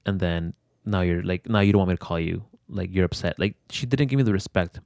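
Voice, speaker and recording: A young man with a very low, deep voice talks through a personal story in an interview. He rambles loosely, full of fillers and casual swearing. The recording is dry and close, with almost no room sound. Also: brisk, vocal fry, darkish tone, no room sound. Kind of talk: candid conversational storytelling.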